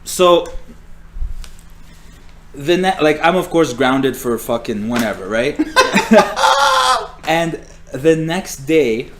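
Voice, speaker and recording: A man's voice: on the high side, huge pitch swings, drawn-out words, pauses often, heavy background noise. A young man casually telling a funny story on a podcast, swearing and laughing as he goes. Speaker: podcast co-host.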